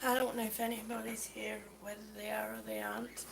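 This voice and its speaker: A woman's voice: on the high side, little pitch movement, fairly quick, vocal fry, slight background noise. A middle-aged woman on a live stream, out of breath and exasperated, chatting and greeting viewers by name as she tells her complaint. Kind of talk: casual live stream rant.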